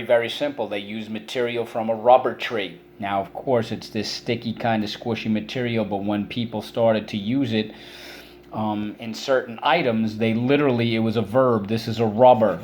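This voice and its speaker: A man's voice: on the low side, a little mellow, a little hiss or hum. A middle-aged male teacher giving a spelling and vocabulary lesson to children, patiently explaining each word with many examples.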